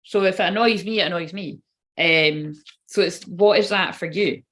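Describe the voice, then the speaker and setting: A woman's voice: on the low side, normal speed, a bit bright. A young woman, a tarot card reader, chatting casually and rambling to her viewers, laughing often and swearing freely.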